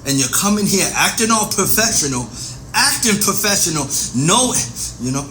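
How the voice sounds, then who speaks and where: A man's voice: on the high side, animated, a little slow, fairly bright tone. A man playing a worried father accused of murder in an amateur audio drama, defensive and stammering, repeating himself. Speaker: suspect under interrogation. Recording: noisy amateur recording with ambience.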